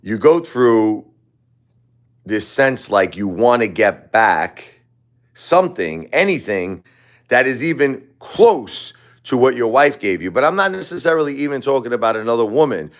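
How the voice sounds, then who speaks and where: This livestream host is a grieving man with a mid-range voice, big pitch swings, and a measured pace. Emotional and repetitive, he keeps circling back to the same phrases and chuckles between lines.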